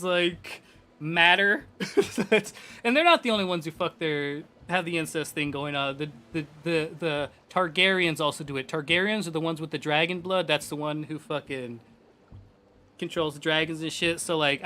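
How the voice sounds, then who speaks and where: A young man, a game streamer, rambling in excitable, profane casual chat at his home gaming setup on a desk microphone. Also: sits high, a little hiss or hum.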